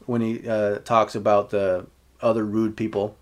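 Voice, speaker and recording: A man casually recapping a TV episode, talking in a halting way with many pauses and restarts. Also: on the low side, level tone, a little mellow. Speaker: podcast host recapping a TV episode.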